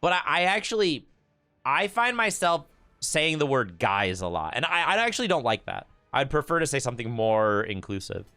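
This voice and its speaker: A man's voice: on the high side, very animated, normal speed, sharp tone, dry recording, faint music behind. A young man with a Michigan accent, chatting casually to his stream while playing a card game, often stammering and repeating words. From Michigan, USA. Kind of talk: casual gameplay streaming chat.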